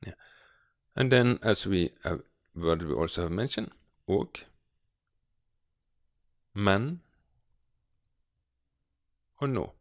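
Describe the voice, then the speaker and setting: A low-pitched man with a gravelly edge to his voice teaches a grammar lesson. He explains patiently and takes his time, pausing often to find his words. The sound is dry and close. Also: expressive, no room sound. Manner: slow, patient explaining with frequent hesitations. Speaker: language teacher.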